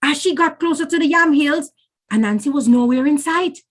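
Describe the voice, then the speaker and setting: A woman reading a folk tale to children in an expressive, animated way. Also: sits high, moderate pace. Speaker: storyteller.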